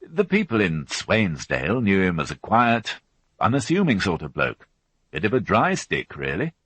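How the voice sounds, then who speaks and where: Low, measured police inspector read by a man. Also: huge pitch swings, fairly bright tone, breathy edge, exaggerated voice. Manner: measured, slow, tactful questioning. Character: middle-aged male police inspector, reserved and careful.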